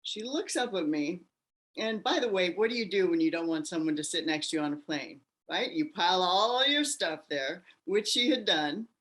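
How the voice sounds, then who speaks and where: A woman guest in an interview telling her personal story in an animated way, acting out the voices of the people in it. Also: on the low side, moderate pace. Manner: animated, acts out quoted voices.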